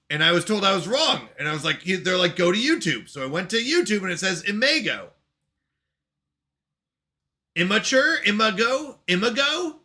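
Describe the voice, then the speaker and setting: Excitable high-voiced man chatting on stream. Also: normal speed. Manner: excitable, laughs often, exclaims at himself. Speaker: live-stream host. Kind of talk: casual live-stream chat.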